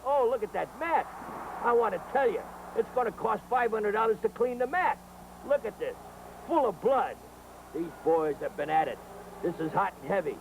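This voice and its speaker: A man calls old wrestling footage as an over-the-top showman. He piles on the hype with exclamations and turns again and again to the fans. His voice is high and gravelly, over noisy old TV sound. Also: expressive, normal speed. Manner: hyperbolic showman, talks straight to the fans. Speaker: host of a classic wrestling highlights show. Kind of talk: excited play-by-play commentary over old footage.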